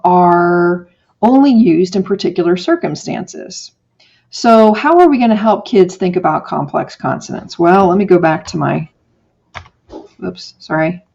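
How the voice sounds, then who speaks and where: Woman teacher educator, screencast demo from her office; unhurried classroom delivery, muffled webcam sound. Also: medium pitch, vocal fry, darkish tone. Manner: slow, deliberate classroom modeling, drawing out sounds. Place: home office. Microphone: webcam or laptop microphone.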